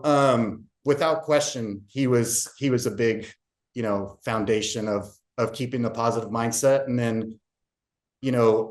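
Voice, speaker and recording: A man guest on a podcast, earnestly recounting a personal story with frequent fillers and restarts. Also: mid-range voice. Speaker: podcast guest, real estate agent.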